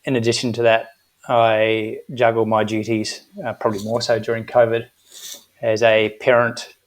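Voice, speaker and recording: Middle-aged new zealand guy, even and measured, lots of ums, pretty flat delivery. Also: fairly low pitch. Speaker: guest, agency managing director. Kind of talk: casual interview talk.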